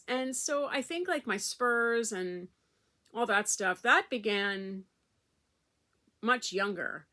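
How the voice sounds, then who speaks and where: A woman's voice: a little high, takes it slowly, bright, forceful tone. A middle-aged woman vlogger chatting casually to camera, telling a rambling personal story with fillers and restarts.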